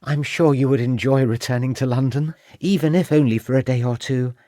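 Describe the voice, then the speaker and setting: A man voicing an eager, affectionate young wife in an audiobook, pleading and excited. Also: medium pitch, brisk, dry recording, studio quality, close to an everyday voice. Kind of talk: audiobook character voice.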